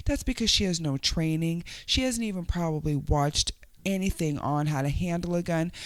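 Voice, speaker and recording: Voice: mid-range voice, no echo. A vlogger giving casual, exasperated commentary on news clips, often sighing, laughing and tripping over hard words.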